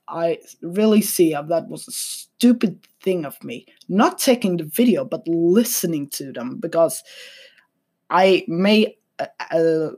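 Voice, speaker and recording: A young man rambling casually at his computer, hesitant, with dry deadpan humor. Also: high-pitched, slightly rough. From Sweden. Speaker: vlogger. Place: at a computer desk. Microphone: computer mic.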